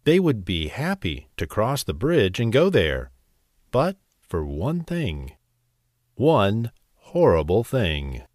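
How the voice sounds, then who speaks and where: A man narrating a bedtime story in a slow, expressive, gentle way. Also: on the low side, no echo, clean studio sound.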